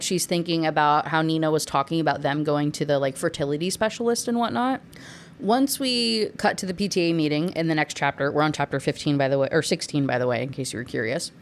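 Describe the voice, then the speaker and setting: A young woman talks through a book plot in a loose, conversational way, with sarcastic asides. Her voice sits a little low, and she slips into the characters' lines as she goes. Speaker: book reviewer. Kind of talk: casual spoiler recap.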